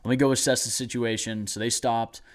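A young man telling a hunting story in a casual chat, excited and rambling with lots of "like". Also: medium pitch, brisk.

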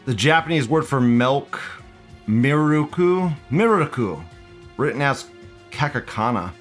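A man's voice: mid-range voice, animated, moderate pace, fairly bright tone, faint music behind. Profane, laughing man hosting a live show. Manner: profane, laughs often, drags out mocking words. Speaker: livestream show host. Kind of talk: casual live commentary.

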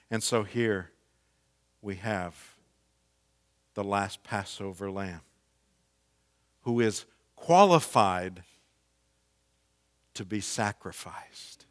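Slow, deliberate male preacher. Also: lowish voice. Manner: slow, deliberate preaching with emphatic scripture reading. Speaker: pastor. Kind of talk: sermon.

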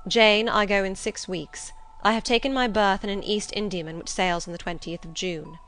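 A woman's voice: mid-range voice, fairly even intonation, normal speed, fairly bright tone, a little hiss or hum, close to an everyday voice. A woman reading the part of a stern, zealous male missionary in an audiobook, speaking in a solemn, insistent, preaching way. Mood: solemn, earnest.

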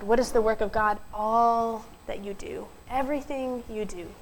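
A woman pastor preaching a sermon, telling stories in an earnest way and slowing down for emphasis. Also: mid-range voice, steady tone, slight background noise, rough recording. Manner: storytelling, earnest, slows for emphasis.

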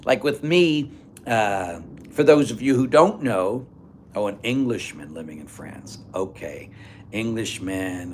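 Chatty, blunt Catholic priest. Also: male voice, medium pitch. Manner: chatty, rambling, with frequent fillers; blunt and joking. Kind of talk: casual livestream Q&A reading chat.

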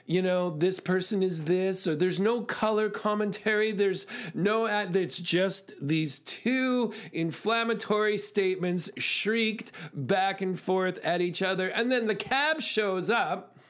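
A man with a slightly raised voice gives a motivational talk. He tells stories animatedly, rushing through phrases with frequent fillers and restarts. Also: high-pitched, clean tone. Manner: animated storyteller, fast bursts, frequent fillers. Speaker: speaker.

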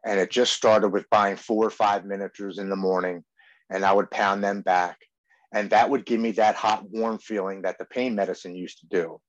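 A man in his forties with a low voice tells his personal recovery story as a podcast guest. He talks earnestly and acts out what he and others said along the way. The sound is dull and muffled, with a dry feel and no room around it. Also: steady tone, normal speed, no echo.

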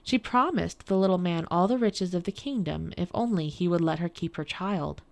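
A woman from a public library reading a fairy tale aloud for radio in a calm, measured way. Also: on the low side, gravelly. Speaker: library storyteller. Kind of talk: storybook read-aloud for radio.

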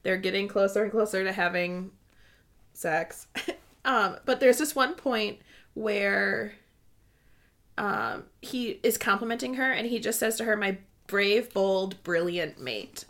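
Co-hosting a casual book chat podcast, a woman speaks in a mid-range, slightly bright voice at a measured pace with long pauses. She gushes and giggles, leaning heavily on "like."

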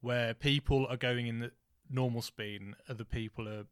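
A man's voice: mid-range voice, fairly even intonation, moderate pace, clean tone, no echo, clean studio sound. A man, chatting casually and enthusiastically as a podcast co-host. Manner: enthusiastic, easygoing film talk. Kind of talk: casual chat.

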